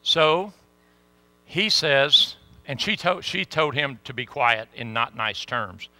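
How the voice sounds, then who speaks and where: A middle-aged man telling a story in a sermon, folksy and animated. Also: medium pitch, slow pace, no room sound. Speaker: pastor.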